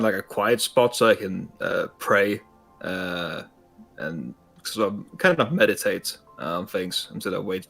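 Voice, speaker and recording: A man's voice: on the low side, creaky, fairly bright tone. Blunt, wry man at the game table. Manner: blunt, wry, swears casually. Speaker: player. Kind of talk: casual tabletop role-play.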